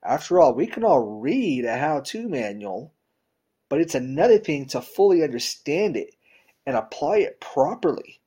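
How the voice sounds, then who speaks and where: A man's voice: very animated, moderate pace, slightly rough. A man giving a conversational sermon, talking straight to his listeners in a direct, informal way and often checking in with "you know" and "right?". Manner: emphatic swings in pitch and loudness. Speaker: preacher.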